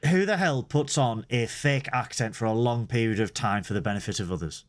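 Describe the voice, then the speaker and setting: A man's voice: mid-range voice, fairly quick. A man co-hosting a casual TV review podcast, cutting in with rhetorical questions. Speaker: podcast co-host.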